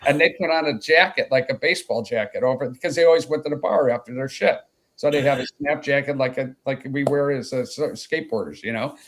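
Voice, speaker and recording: A man's voice: medium pitch, brisk, a bit bright. A man in his sixties from Chicago telling long stories as an interview guest, rambling with many fillers and asides. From Chicago, USA. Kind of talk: anecdotal storytelling in an interview.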